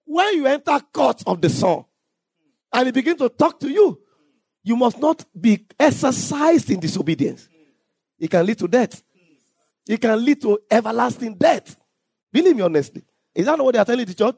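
A man preaching a sermon as pastor, reading scripture aloud and at times shouting or singing out phrases. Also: very high-pitched, very animated, moderate pace, gravelly, pauses often, breathy edge, dry recording.

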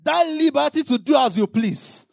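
A man preaching a sermon in an impassioned way, now and then rising into shouted emphasis. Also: very high-pitched, expressive, normal speed, vocal fry, no room sound, clean studio sound.

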